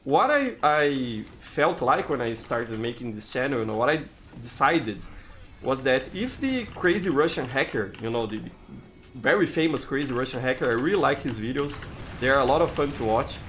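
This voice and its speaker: A man's voice: mid-range voice, lively intonation, normal speed, fairly bright tone, slight background noise. A man from Brazil with a Brazilian Portuguese accent, chatting with viewers while he plays a game live, with many "you know"s and restarts. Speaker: game streamer. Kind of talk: live gameplay commentary.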